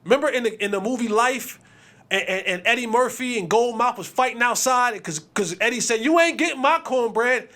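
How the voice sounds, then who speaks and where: A man's voice: extremely high pitch, fairly quick, sharp tone. A man hosting a sports podcast, talking emphatically with repetition and slang. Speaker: podcast host.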